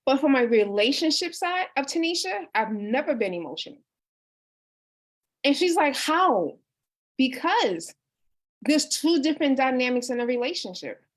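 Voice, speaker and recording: A life coach in her thirties hosts a book discussion on a livestream, casually and sincerely reading viewer comments. She speaks in a high-pitched, sing-song voice at a moderate pace, with many restarts and frequent "you know"s.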